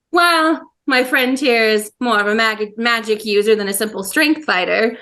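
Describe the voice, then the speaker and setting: A woman voicing a polite, persuasive woman adventurer in a tabletop game, explaining at a measured pace. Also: fairly high pitch, sharp tone.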